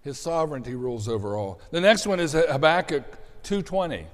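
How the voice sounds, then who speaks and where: A man preaching a sermon in an animated way, dropping to soft asides and rising to shouted bursts. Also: a little high, brisk. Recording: long hall reverb.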